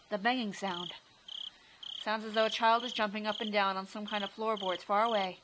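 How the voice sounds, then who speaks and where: A woman narrating a horror visual novel aloud in an expressive, steady reading style. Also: mid-range voice, normal speed, noisy background.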